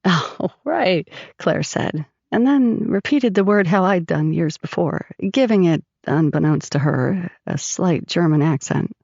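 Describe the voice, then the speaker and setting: Female audiobook narrator, gravelly, measured delivery, dry muffled sound. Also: lowish voice, animated, dark tone, dry recording. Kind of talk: first-person audiobook narration. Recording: dry, slightly dull recording.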